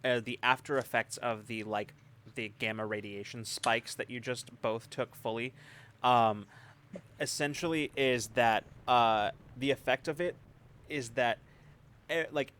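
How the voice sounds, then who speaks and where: A man narrating as game master of a tabletop role-playing game, relaxed and hesitant. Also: medium pitch, measured pace. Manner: relaxed, hesitant, many fillers.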